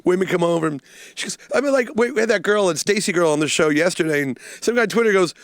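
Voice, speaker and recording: A man's voice: sits high, animated, quick pace, no echo, studio quality. A man with a Baltimore accent, a comedian guest rambling through crude stories on a podcast. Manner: rambling storyteller, crude jokes. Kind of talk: casual comedic podcast banter.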